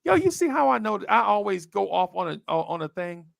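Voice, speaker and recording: A man on a podcast, casually telling a story in animated, slangy talk and acting out what others said. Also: sits high, fairly quick, gravelly, no echo, studio quality. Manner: animated, slangy storyteller who acts out quoted voices. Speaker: podcast host.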